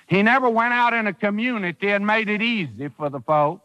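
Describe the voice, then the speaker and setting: A man's voice: high-pitched, lively intonation, fairly quick, hardly any pauses, fairly bright tone, big-room sound, dull audio. A man preaching a sermon with emphatic delivery and frequent rhetorical questions.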